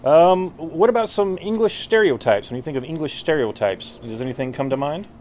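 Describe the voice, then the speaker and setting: A man's voice: a little high, lively intonation, brisk, darkish tone, slight background noise. A man doing casual street interviews outdoors, chatty, swearing casually and laughing often.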